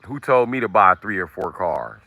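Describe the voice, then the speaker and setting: A man's voice: low-pitched, big pitch swings, moderate pace, pushed and bright. Profane man ranting on a livestream. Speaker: livestream host. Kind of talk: casual livestream rant.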